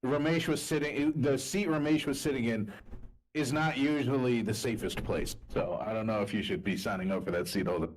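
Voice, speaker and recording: A man co-hosting a casual podcast, talking in an animated way, swearing freely and laughing often. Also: medium pitch, a little fast, low-quality recording. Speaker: podcast co-host. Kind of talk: casual banter.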